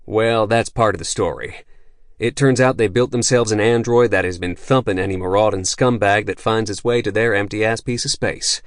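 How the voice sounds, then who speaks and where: A man voicing a crude, boisterous veteran soldier who swears constantly and talks loudly with swagger. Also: lowish voice, normal speed, no room sound, studio quality, lightly acted. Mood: brash. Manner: profane, swaggering, loud.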